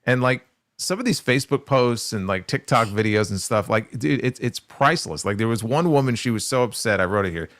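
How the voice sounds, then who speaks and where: A New York man co-hosting a wrestling talk show in casual banter. His pitch swings widely as he mocks and fires off quick asides. The sound is close and dry, with no room around it. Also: dry recording. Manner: animated, quick asides, mocking. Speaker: podcast co-host.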